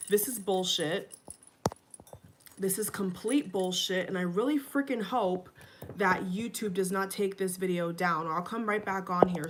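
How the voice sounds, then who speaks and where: A woman ranting to her viewers at a phone camera in her home kitchen. She sounds rattled and angry, circling back over the same words and swearing freely, in a voice of middling pitch. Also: noisy background. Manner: upset and agitated, repeats herself, swears. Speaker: vlogger. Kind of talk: casual vlog rant.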